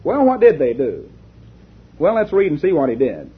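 A man's voice: on the high side, huge pitch swings, normal speed, breathy edge. A man preaching a sermon, reading a story aloud and asking the congregation rhetorical questions. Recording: lo-fi tinny recording.

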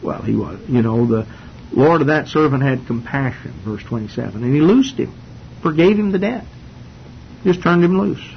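A man's voice: expressive, normal speed, gravelly. A man teaching through a Bible passage in an informal, folksy way, with frequent fillers and restarts. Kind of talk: informal Bible study sermon. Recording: dull lo-fi recording with faint rumble.

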